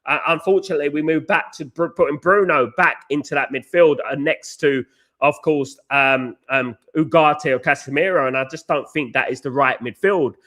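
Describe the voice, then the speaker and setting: A football podcast host runs a casual live stream from indoors in a hotel or flat in Naples, reading viewer comments and discussing transfer news. His voice is fairly high, fairly bright, and slightly hoarse, at a moderate pace. Chatty, he keeps saying "of course, guys" and greets chat viewers by name.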